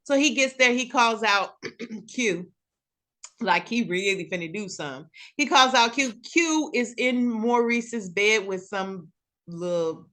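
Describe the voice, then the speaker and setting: A woman hosting a casual recap chat, telling the story with lively acted-out quotes. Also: fairly high pitch, unhurried. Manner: animated storytelling, acts out characters' lines. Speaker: show recap host.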